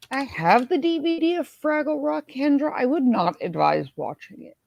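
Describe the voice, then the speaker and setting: Hoarse, gravelly woman chatting slowly. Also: medium pitch, mellow. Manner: chatty, self-mocking, reads viewer comments aloud. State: hoarse from neck swelling. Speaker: livestream host. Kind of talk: casual live-stream chat.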